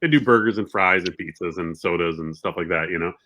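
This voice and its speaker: A man's voice: low voice, fast, sharp tone. A man from Michigan co-hosting a livestream, telling a rambling anecdote in casual chat. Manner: rambling, self-interrupting. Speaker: stream co-host. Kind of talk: casual storytelling.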